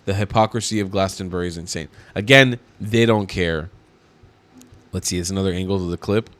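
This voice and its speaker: A man's voice: low-pitched, fairly quick, fairly bright tone, slight background noise. A man giving indignant, mocking reaction commentary on video clips.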